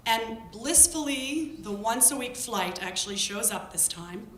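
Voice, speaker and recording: A woman telling a lively story about her field work to an audience. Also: unhurried. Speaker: public health worker telling a story. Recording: echoey room with faint rumble.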